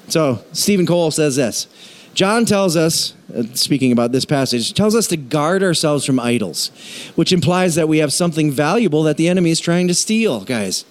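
A man preaching a casual, animated sermon in a church, acting out voices when he quotes. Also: on the high side, moderate pace. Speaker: pastor.

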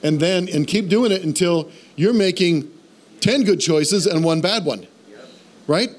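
A man whose voice sits high and runs a little slow gives a sermon anchored in a funny tale about himself. His animated, self-deprecating telling gradually gives way to a fervent appeal for faith.

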